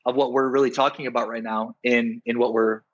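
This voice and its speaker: A man's voice: mid-range voice, little pitch movement, fairly quick, dull audio. A man, a dating coach and interview guest, talking earnestly in a casual chat, often restarting and checking in with "right?". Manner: earnest, keeps asking "right?", many restarts.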